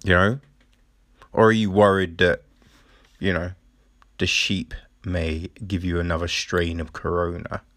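A man's voice: deep voice, level tone, unhurried, pauses often, a bit bright, no echo. A man hosting a podcast, ranting casually with heavy swearing and sarcastic mock voices. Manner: profane, sarcastic, mocking voices of others. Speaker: podcast host.

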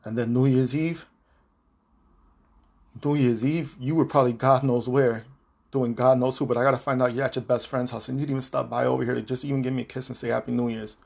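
Gravelly man venting heatedly. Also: medium pitch, fairly even intonation, fairly quick, a little mellow. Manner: heated, profane and repetitive. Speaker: podcast host. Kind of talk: personal monologue to an ex-partner.

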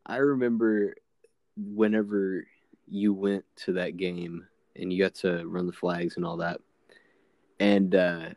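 A young man co-hosting a casual chat, laughing often and rambling in a relaxed way. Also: low voice, takes it slowly, no echo. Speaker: co-host.

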